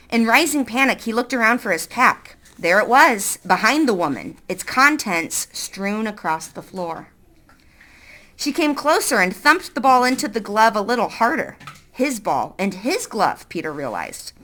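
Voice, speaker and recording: A woman reading a children's novel aloud with a bright, lively voice that rises and falls expressively. She stops now and then to correct a misread word and carries on. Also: a little high. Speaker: reader.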